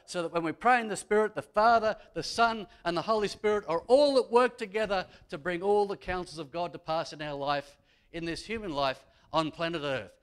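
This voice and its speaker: High-voiced preaching pastor, man. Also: fairly bright tone, clean tone. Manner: preaching with rising emphasis, repeats key phrases. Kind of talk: sermon. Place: church.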